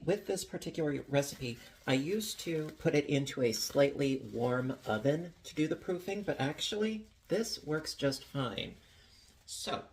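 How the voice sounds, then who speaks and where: Demonstrating a recipe in the kitchen, this home baker keeps things playful with jokey asides. The voice is medium in pitch with a darkish tone, and there's a bit of background noise.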